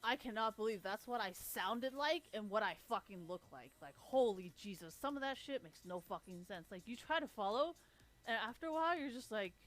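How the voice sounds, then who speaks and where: A woman's voice: on the high side, expressive, brisk, a bit bright. A young adult woman streamer ranting casually and bluntly, swearing heavily and laughing often. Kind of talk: casual profane rant.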